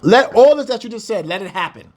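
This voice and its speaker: A man playing a prophet who talks back to a king in relaxed, dismissive slang. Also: high-pitched, brisk. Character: calm mocking prophet, adult man.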